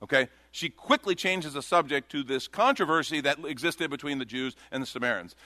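A male pastor delivering a sermon in an expressive, conversational way, often repeating a line for weight. His pitch moves a lot, and his tone is bright and forward. The sound is dry and close, with almost no room echo. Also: fairly quick, few pauses. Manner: expressive, conversational preaching with repetition.

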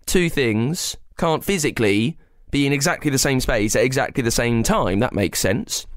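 A man hosting a children's science podcast, with a slightly gravelly voice, explaining things playfully and speaking straight to young listeners. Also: medium pitch, expressive, moderate pace, dry recording.

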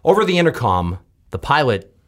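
A man's voice: mid-range voice, very animated, fairly quick, a bit bright. A man telling a funny story as a podcast guest, laughing at himself. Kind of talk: casual podcast chat, storytelling.

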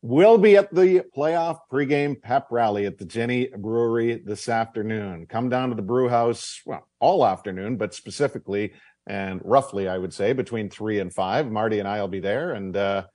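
A man's voice: lowish voice, moderate pace, darkish tone, no room sound. A man hosting a sports radio show, chatty and promotional as he plugs the evening game. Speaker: radio and TV hockey broadcaster, host. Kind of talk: casual sports radio talk.

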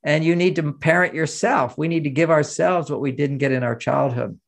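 Gravelly older man, animated storyteller. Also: on the high side, normal speed. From United States. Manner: animated storyteller, acts out quoted voices. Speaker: guest. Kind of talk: interview conversation.

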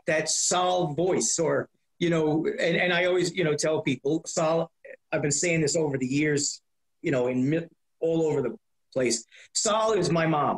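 A middle-aged comedian telling lively anecdotes in an interview, acting out the voices of the people in them and swearing freely. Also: male voice, on the high side. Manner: profane, acts out voices in anecdotes. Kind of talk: animated storytelling. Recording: roomy echo.

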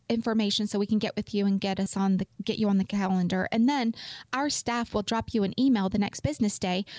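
A woman's voice: fairly high pitch, a little mellow, no echo. A middle-aged woman, a financial advisor chatting as a radio show guest in an upbeat, reassuring way. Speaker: financial advisor and firm CEO.

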